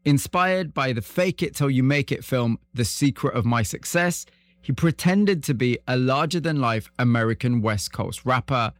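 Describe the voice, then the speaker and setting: A male radio host introduces a guest's story in measured, scripted lines, then asks questions. His mid-range voice is recorded very dry and close. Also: medium pitch, no echo.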